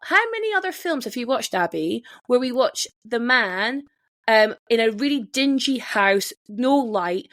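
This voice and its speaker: A woman hosting a podcast, talking casually and emphatically, with her pitch leaping up on stressed words. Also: big pitch swings, measured pace, fairly bright tone, dry recording, clean studio sound. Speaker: podcast host.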